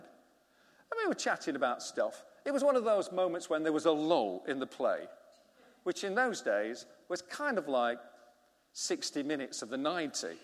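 Middle-aged vicar preaching, high voice jumping all over, big echoey church hall. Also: male voice. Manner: animated storytelling with acted-out dialogue. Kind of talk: sermon. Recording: long reverb of a church hall.

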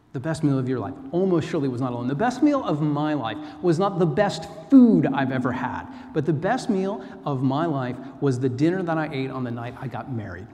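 A man's voice: medium pitch, darkish tone. A man with an American accent giving a chatty, self-deprecating sermon and telling a personal story. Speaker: preacher. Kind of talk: informal sermon. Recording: long hall reverb.

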